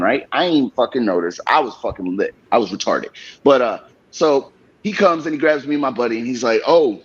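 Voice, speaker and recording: On a casual podcast, a male host with a medium-pitched, slightly rough voice tells a profanity-filled story, laughing often and imitating other people's voices. The audio is slightly dull and lo-fi.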